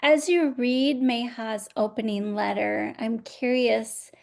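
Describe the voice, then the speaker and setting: A woman's voice: on the high side, fairly even intonation, slow pace, vocal fry. Scratchy-voiced woman hosting a video call. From Minnesota. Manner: warm, chatty, many fillers and restarts. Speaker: host of an online journaling session. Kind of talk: casual live webinar hosting.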